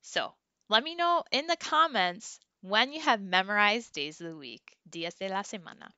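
A woman teaching a Spanish lesson, modelling words slowly and clearly for learners to repeat, and leading a chant. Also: mid-range voice, lively intonation, bright, forceful tone, dry recording, dull audio. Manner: chanting word lists with a rising final word. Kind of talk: online language lesson.

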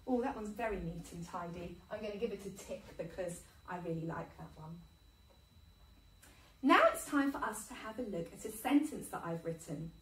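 A woman teaching a phonics lesson to young children, sounding out words slowly and praising them. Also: medium pitch, expressive, roomy sound, far from the mic, slight background noise, rough recording. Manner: sing-song, slow and encouraging, sounding out words. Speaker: infant school teacher.

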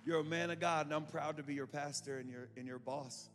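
A man pastor preaching a sermon in a church, moving from calm talk to impassioned shouting, with joking asides. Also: a little high, brisk. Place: church sanctuary. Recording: reverberant hall with music behind.

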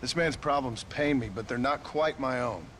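An actor voicing a gruff, guarded male cowboy outlaw in a western video game, talking curtly and plainly. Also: mid-range voice, normal speed, a bit bright, a little hiss or hum, lightly acted. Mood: terse. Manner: curt, plain-spoken. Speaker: game character.

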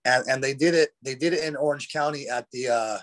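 A man's voice: mid-range voice, fairly quick, a bit bright. Profane, rambling man telling fight stories. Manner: profane, rambling, uses "bro" and "dude". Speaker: guest, retired fighter. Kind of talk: casual storytelling. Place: podcast conversation.

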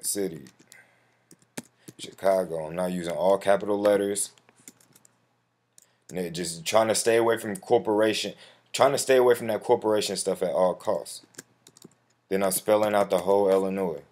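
A man's voice: deep voice, steady tone, moderate pace, long pauses, darkish tone. A man talking casually through a step-by-step online form, calling the viewer bro and swearing now and then, with typing and clicks behind him. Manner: slangy, addresses viewer as bro; profane when flustered. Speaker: tutorial host. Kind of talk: casual screen-recorded walkthrough. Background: keyboard typing and mouse clicks.

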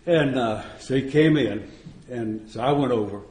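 A man's voice: mid-range voice, moderate pace, a little mellow, slight background noise. Folksy man telling stories in an echoey room. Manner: folksy, joking, chuckles often. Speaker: AA retreat speaker. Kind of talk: storytelling recovery talk.

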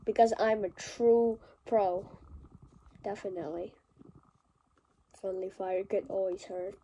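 A woman's voice: mid-range voice, fairly even intonation, slow, warm tone, breathy edge, dull audio. A woman giving rambling, self-mocking commentary while playing a game at a small desk at home. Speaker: gameplay vlogger. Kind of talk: casual gameplay commentary.

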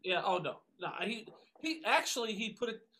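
A man's voice: sits high, big pitch swings, normal speed, bright, forceful tone. A man from the New York area, a guest musician, telling stories casually with lots of fillers and acted-out quotes. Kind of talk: casual storytelling.

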